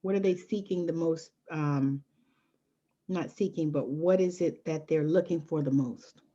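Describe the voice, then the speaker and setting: A woman's voice: deep voice, unhurried, warm tone. A woman hosting a podcast interview, enthusiastic and chatty with frequent fillers. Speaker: podcast host. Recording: dull lo-fi audio.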